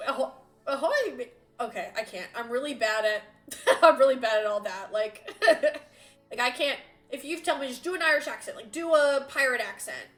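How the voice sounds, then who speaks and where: Young female streamer, high bright voice, giggly and chatty, casual live chat.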